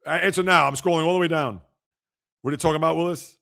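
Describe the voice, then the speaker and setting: A man's voice: fairly high pitch, fairly even intonation, fast talker, creaky, a bit bright. A man hosting a sports livestream, chatting casually and teasing viewers as he reads and answers their comments. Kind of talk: casual live-chat banter.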